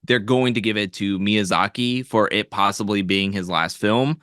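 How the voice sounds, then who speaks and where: A man in casual podcast chat, animated and laughing often as he talks about movies. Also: on the low side, moderate pace, clean tone, no echo, clean studio sound. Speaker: podcast co-host.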